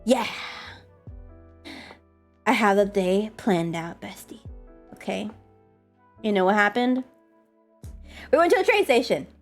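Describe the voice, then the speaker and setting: A woman streamer chatting casually and fast, swearing a lot and answering her chat. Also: medium pitch, animated, soft background music.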